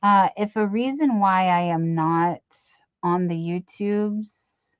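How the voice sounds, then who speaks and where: A woman chatting slowly on a home live stream, rambling as she reads out viewers' messages. Her voice sounds dull and lo-fi. The room is dry and close, with no echo. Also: medium pitch, clear, resonant tone. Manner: rambling, reads chat aloud, self-deprecating. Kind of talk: casual live-stream chat.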